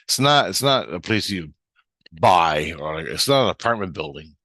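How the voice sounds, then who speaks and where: A man's voice: sits low, very animated, normal speed, a bit bright, no echo, clean studio sound. A man telling a personal story in a rambling, casual monologue, often restarting his sentences. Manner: rambling, with frequent restarts and fillers. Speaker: vlogger.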